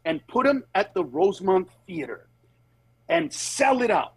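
Animated husky-voiced man telling stories. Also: unhurried, no echo, rough recording. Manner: animated storyteller, acts out quotes in high voices. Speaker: comedian guest. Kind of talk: casual podcast conversation.

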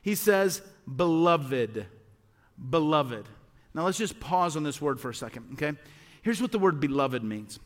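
A man's voice: a little high, very animated, fairly quick. Preaching man in a reverberant church. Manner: earnest, repetitive preaching with rhetorical questions. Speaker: pastor. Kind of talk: sermon. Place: church sanctuary.

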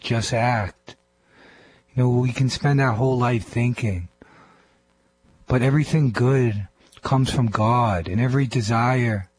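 A man's voice: medium pitch, darkish tone, a little hiss or hum, rough recording. A man co-hosting a Christian radio show, earnestly restating and reflecting on the sermon. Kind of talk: radio ministry commentary.

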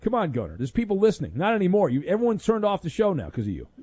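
A man's voice: high-pitched, wildly swooping pitch, racing, mellow. A man hosting a sports talk radio show, sarcastic and mock-exasperated with callers.

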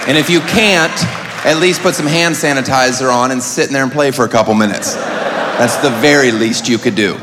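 Wry guy doing stand-up, slightly high voice, room reverb and noise. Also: fairly bright tone. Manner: wry, indignant. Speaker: stand-up comedian. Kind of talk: stand-up comedy set. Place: comedy club stage.

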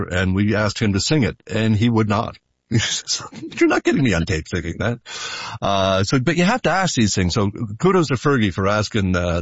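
A man's voice: fairly low pitch, dry recording. A man telling stories on a casual political podcast panel. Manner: animated storyteller. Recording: dull, dry.

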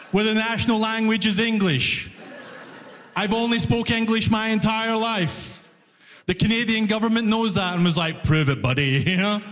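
A man with a Glasgow Scottish accent performs an animated stand-up set, and his voice sits high. He is recorded live on a comedy stage, and a long hall reverb trails his words. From Scotland. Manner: animated storytelling with audience laughter.

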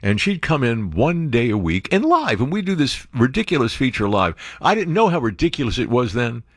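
An older man hosting talk radio from a studio, rambling and joking between asides and little impressions. His voice swings widely up and down around an average pitch. The sound is close and dry. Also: sing-song, brisk, no echo. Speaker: radio talk show host. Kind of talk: casual talk radio banter.

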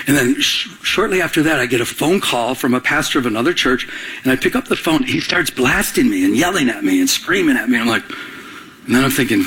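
A man's voice: mid-range voice, fast talker, husky. A man pastor preaching a sermon, telling a story with acted-out dialogue and prompting the congregation to answer. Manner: animated storytelling, acting out both sides of a phone call; call-and-response prompts to the congregation.

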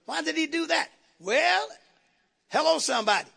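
High, gravelly preacher man in church. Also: lively intonation, normal speed. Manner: call-and-response preaching, rhetorical questions, rising to shouts. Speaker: pastor. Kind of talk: sermon. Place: church sanctuary.

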